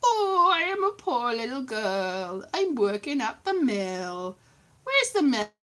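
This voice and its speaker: A woman's voice: high-pitched, big pitch swings, unhurried, sharp tone, full character voice. A woman voicing a poor little mill girl from olden days in a melodramatic, mock-tragic way. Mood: woeful.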